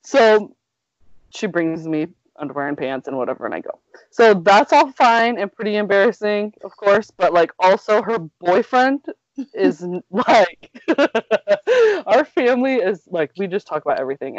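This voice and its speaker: A woman's voice: medium pitch, very animated, moderate pace, dry recording. A woman in her thirties telling a story in casual chat, talkative and laughing through her words with lots of "like". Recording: dull lo-fi dry recording.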